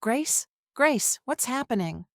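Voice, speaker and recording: A frightened young wife putting on panic, as a woman narrator acts her out. Her voice climbs high and breaks into pleading bursts. The sound is dry and close. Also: big pitch swings, slow pace, dry recording, heavily acted. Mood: panicked.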